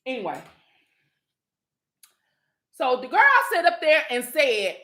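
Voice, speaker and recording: A woman's voice: sits high, very animated, a little slow, pauses often, fairly bright tone, reverberant. A woman giving a blunt, profane commentary monologue straight to her viewers. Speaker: channel host.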